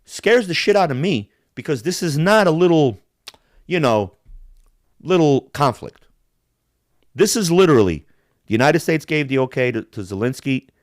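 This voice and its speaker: A man tears through a casual podcast rant, heated and profane, breaking into mimicked accents along the way. His pitch swoops up and down with lively energy. The sound is dry and close, with no room around it. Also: moderate pace, long pauses, dry recording. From Balkans. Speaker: podcast host.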